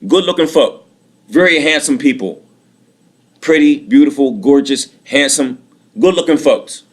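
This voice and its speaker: Bitter man ranting, repetitive and raw. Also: medium pitch. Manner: bitter, aggrieved, repetitive, profane. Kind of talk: emotional personal monologue.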